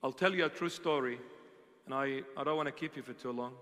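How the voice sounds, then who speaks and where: A man, a bishop, preaching and telling a story in an impassioned way that swings from hushed to loud, recorded with a long hall reverb. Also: medium pitch, brisk. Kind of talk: sermon storytelling.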